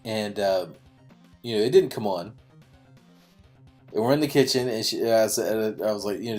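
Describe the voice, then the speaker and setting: A YouTube gaming channel host rambles through a casual, self-mocking story over gameplay, chatty and packed with "you know" fillers. His voice is lowish and a little mellow, at normal speed with long pauses, over soft background music.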